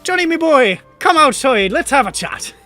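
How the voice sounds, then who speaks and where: High, loud, giddy fairy jester with a sing-song cheek. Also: very animated, normal speed, soft background music. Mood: cheeky. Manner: shrill, exuberant, sing-song.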